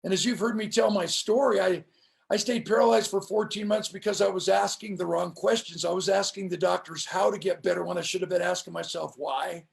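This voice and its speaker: A middle-aged man with a strikingly gravelly voice that sits high for a man. He speaks like a motivational preacher, slowing down hard on his key lines as he tells stories in an interview. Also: fairly even intonation. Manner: emphatic, preacher-like cadence with slowed punch lines. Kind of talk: storytelling on a live stream interview.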